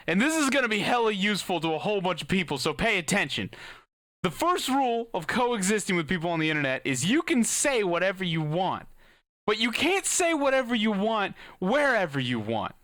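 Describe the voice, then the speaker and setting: A man's voice: sits high, very animated, normal speed, sharp tone, dry recording, clean studio sound. A young man hosting his own channel, ranting heatedly and swearing freely at commenters he has banned. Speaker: YouTuber ranting at viewers. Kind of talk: profane casual rant.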